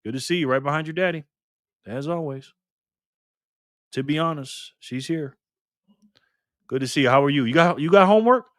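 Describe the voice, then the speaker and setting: Host, male, playful and teasing, slightly high voice, dry close mic, live-stream chat. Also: normal speed, pauses often, a bit bright, dry recording. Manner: playful, teasing, greets chatters by name.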